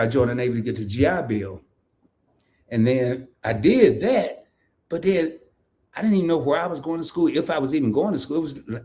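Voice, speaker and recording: A middle-aged man hosting a casual live stream, talking in a playful, animated way and laughing often. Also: fairly high pitch. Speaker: host.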